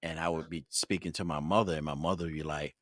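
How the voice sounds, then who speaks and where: Brief: deep-voiced podcast host in his fifties, laid-back reflective storyteller, dry close mic. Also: fast talker, no echo. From Brooklyn, New York. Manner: reflective storytelling, relaxed and personal. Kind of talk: conversational interview.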